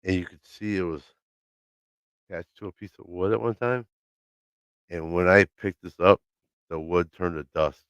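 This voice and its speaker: Deep-voiced guy rambling a story on his home livestream, swears a lot, does everyone's lines, dry dull audio. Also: fairly even intonation, moderate pace, long pauses, a bit bright, smooth, dry recording. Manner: loose storytelling, swearing, acts out quotes. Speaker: livestream host. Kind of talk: casual live-stream chat. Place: home, by his laundry room.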